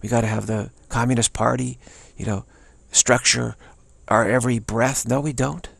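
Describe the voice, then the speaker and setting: A man from the United States speaks in a deeply gravelly, husky voice, repeating himself for emphasis and restarting sentences often. The sound is dry and close, with almost no room echo. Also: fairly even intonation, normal speed. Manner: repetitive, emphatic, many restarts. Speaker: speaker sharing personal views. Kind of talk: rambling spoken monologue.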